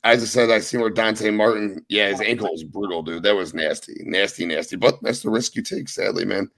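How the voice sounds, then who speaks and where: A young man hosting a casual wrestling recap podcast, talking with excited, profane emphasis. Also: on the low side, brisk, gravelly. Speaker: podcast host.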